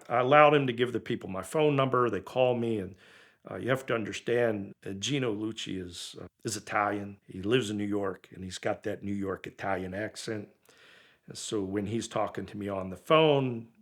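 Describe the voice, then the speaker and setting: Brief: middle-aged man, lowish voice, casual animated storyteller who voices others' quotes. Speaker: car owner telling his story.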